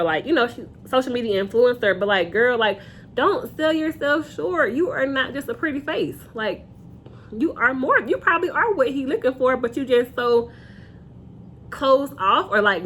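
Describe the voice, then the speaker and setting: A woman's voice: mid-range voice, a little hiss or hum. A young woman giving a casual, opinionated reality TV recap straight to her viewers on a phone camera. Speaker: reality TV reviewer.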